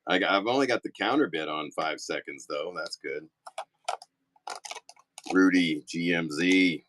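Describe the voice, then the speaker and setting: A man who owns a toy store, chatting casually through a live-stream auction, rambling with quick apologetic asides. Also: deep voice, a bit bright, slight background noise. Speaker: toy store owner running online auctions. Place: indoor shop room.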